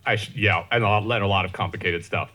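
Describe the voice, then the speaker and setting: A man's voice: fairly low pitch, bright, forceful tone. A man from Ohio, a podcast guest, telling a personal story casually with many restarts and jokey asides. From Ohio, USA. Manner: halting, many restarts and "you know what I mean", jokey asides.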